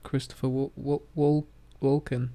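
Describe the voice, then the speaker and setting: A man co-hosting a casual podcast chat, halting and restarting his sentences. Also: mid-range voice, little pitch movement, dark tone. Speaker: podcast co-host.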